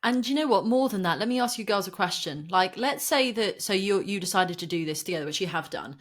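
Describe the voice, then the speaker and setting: A woman's voice: mid-range voice, lively intonation, a little fast. A woman, a property and mindset coach, talks passionately as a podcast guest, laughing and getting worked up as she makes her point. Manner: impassioned, emphatic, laughs often. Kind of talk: animated podcast conversation.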